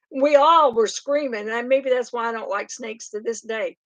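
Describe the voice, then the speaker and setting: A woman's voice: on the high side, measured pace, no echo. An older woman, hosting a casual live stream chat, reading out comments and rambling through stories. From Oklahoma. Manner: chatty, rambling, laughs often.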